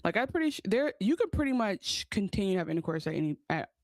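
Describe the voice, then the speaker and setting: A woman co-hosting a podcast, laying out her theories at length in calm therapy language. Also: medium pitch, quick pace, no echo. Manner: reflective, explains ideas at length in therapy language. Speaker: podcast co-host. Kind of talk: casual recap chat.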